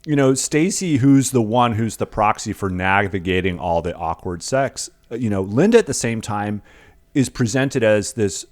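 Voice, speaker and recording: Man, middle-aged, lowish pitch, casual podcast co-host, rambling. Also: animated, moderate pace. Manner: rambling analysis with many restarts and fillers. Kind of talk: casual chat.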